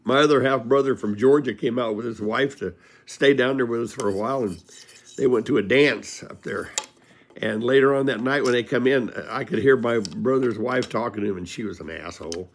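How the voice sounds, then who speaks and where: Old guy from california telling stories, gravelly voice, folksy and rambling. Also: mid-range voice, a little hiss or hum. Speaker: storyteller. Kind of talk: casual spoken storytelling.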